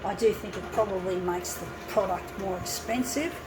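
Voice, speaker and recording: A woman's voice: mid-range voice, normal speed, background noise. A woman, rambling chattily to viewers as she crafts at home and calling them "folks". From Guam. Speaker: vlogger. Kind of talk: casual crafting vlog. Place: home lounge room with a fan.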